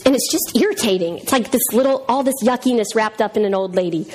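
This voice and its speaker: A woman's voice: fairly high pitch, fast talker, a little mellow. A woman in her thirties or forties giving a church talk, chatty and self-mocking, laughing often as she tells a story. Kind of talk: sermon-style storytelling.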